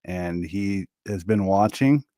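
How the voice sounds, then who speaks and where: A man's voice: sits low, takes it slowly, warm tone, no echo, studio quality. A man hosting a casual commentary chat, laid-back and swearing freely. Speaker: channel host.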